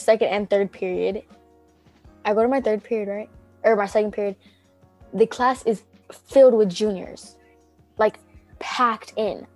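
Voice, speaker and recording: A woman's voice: medium pitch, a little mellow. A teenage girl co-hosting a podcast, telling anxious stories in a rambling, casual way full of "like" and acted-out quotes. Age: teens. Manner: rambling, heavy use of "like", acts out quotes. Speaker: podcast co-host. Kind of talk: casual chat, storytelling.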